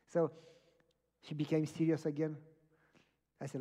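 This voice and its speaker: A man's voice: a little high, a little slow, long pauses, slightly rough. A man preaching, telling a personal story and acting out the dialogue. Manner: animated, acts out dialogue in stories. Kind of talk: storytelling sermon. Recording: echoey hall from far off.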